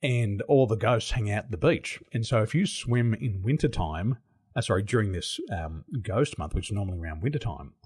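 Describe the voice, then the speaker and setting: Husky-voiced Australian man telling stories. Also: fairly low pitch, moderate pace. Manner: animated storyteller who laughs often. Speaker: podcast guest. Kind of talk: casual interview storytelling. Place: home in Taiwan.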